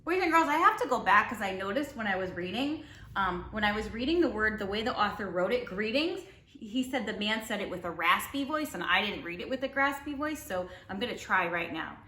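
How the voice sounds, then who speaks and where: A woman teacher reading a storybook aloud to children, expressive and gentle, in a roomy recording. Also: mid-range voice, fairly quick. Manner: expressive and warm toward children. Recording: roomy echo.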